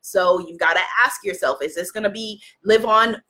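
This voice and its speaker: Bright-voiced woman business coach. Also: mid-range voice, moderate pace. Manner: lively, chatty, laughs often. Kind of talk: live-streamed coaching talk.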